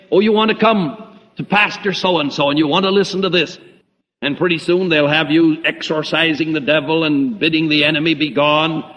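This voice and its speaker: A man preaching a sermon, dramatic, swinging between loud emphasis and hushed low tones. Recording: muffled lo-fi recording in a reverberant hall.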